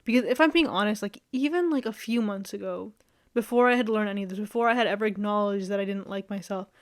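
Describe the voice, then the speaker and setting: A woman's voice: mid-range voice, fast. A young woman vlogging in a loose, rambling chat, full of fillers, easy laughs and casual swearing.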